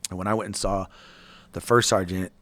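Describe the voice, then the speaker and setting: Low-pitched man in his forties, blunt profane veteran rambling through a story in an interview. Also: fairly even intonation, brisk, a bit bright, no echo. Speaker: podcast guest, army veteran.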